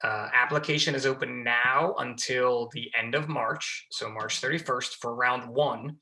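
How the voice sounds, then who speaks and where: A man's voice: mid-range voice, fairly even intonation, a little slow, bright, forceful tone. A man, a fire lieutenant, talking casually as a podcast guest, full of fillers and restarts. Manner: chatty, many fillers and restarts.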